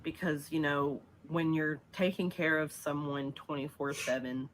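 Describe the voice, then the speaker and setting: A woman in a played vlog clip, talking haltingly and anxiously about her feelings. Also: low-pitched, steady tone, slight background noise. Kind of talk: personal confessional vlog.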